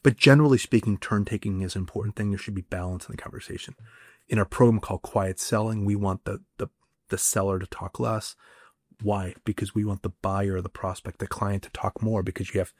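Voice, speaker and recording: Gravelly, husky male podcast coach. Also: lowish voice, no echo, clean studio sound. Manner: conversational, repeats and restarts words, rhetorical questions. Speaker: podcast host and communication coach. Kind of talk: solo podcast teaching talk.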